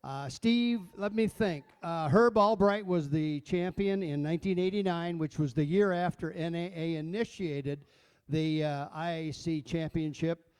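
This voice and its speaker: Older man, Midwestern American accent, smooth voice, folksy recollection with fillers. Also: on the high side, unhurried, darkish tone. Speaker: past champion auctioneer. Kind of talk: casual reminiscing.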